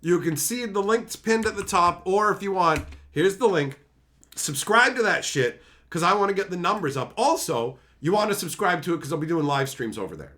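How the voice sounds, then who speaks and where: Male streamer, young adult, bright and forceful, profane theatrical rant. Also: sits high, expressive, normal speed. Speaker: livestreamer. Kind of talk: livestream rant.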